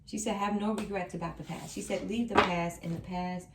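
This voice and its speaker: A tarot reader gives a reading for viewers, reassuring and emphatic, repeating her key lines. Her voice is on the low side and fairly bright, quick and fairly even in intonation, picked up by a distant mic with a roomy sound and a little hiss or hum.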